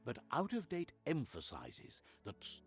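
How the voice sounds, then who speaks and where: An actor voicing a calm game narrator who tells the hero's tale in a scripted storybook manner, with a playful relish for sound words. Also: male voice, mid-range voice, unhurried. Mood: storytelling. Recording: faint game music behind.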